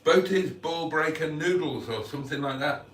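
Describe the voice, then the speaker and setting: A man's voice: fairly high pitch, moderate pace, fairly bright tone, distant mic, a little hiss or hum. A man chatting casually on a live vlog from home, hungover and lisping, in a self-mocking way. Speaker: vlogger. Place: room at home. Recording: roomy, off-mic.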